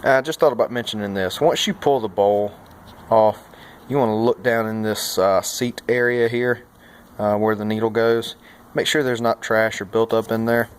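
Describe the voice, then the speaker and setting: A man's voice: on the low side, steady tone, normal speed, slight background noise. Folksy man explaining repairs. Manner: casual, folksy, thinks aloud with many fillers. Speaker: mechanic and channel host. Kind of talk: hands-on repair tutorial.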